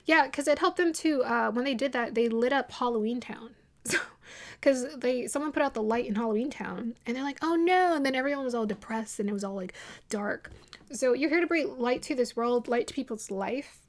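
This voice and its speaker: A woman's voice: a little high, a little fast. A woman giving a casual tarot reading to her viewers, chatting and rambling, often restarting her sentences and laughing at her own drama. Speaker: tarot reader.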